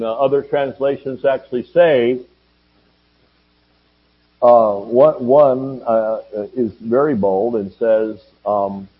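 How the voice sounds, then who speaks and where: A husky-voiced man preaches a sermon, asking question after question and throwing in jokes and calls of amen. The audio is dull and lo-fi. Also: mid-range voice. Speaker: pastor.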